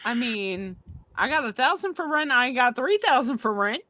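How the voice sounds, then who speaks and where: A woman co-hosts a live-stream chat with a very lively, up-and-down voice. She talks bluntly and casually and swears now and then. The sound is close and dry. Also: fairly high pitch, normal speed, dry recording. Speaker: co-host.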